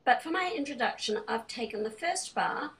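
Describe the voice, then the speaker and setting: A woman's voice: a little high, lively intonation, normal speed, creaky, a bit bright. A woman piano examiner giving a webinar, methodically explaining step by step how she arranged a piece. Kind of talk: online teaching webinar. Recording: distant mic with piano in the background.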